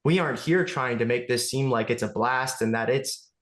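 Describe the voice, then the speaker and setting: A man's voice: medium pitch, moderate pace, fairly bright tone, reverberant. A man talking earnestly as a podcast guest, thinking aloud about personal growth. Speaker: guest, movement studio owner. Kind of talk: casual conversation.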